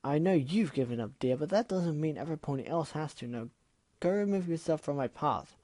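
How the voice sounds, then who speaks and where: A man's voice: fairly high pitch, animated, fairly quick, warm tone, no echo. A man voicing a haughty, posh female unicorn who talks in a prim, condescending way.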